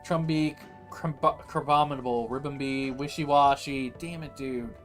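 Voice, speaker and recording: A young man livestreaming, reading names aloud and reacting in an animated, chatty way. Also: mid-range voice, a little slow, soft background music. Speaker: streamer. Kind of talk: casual livestream chat.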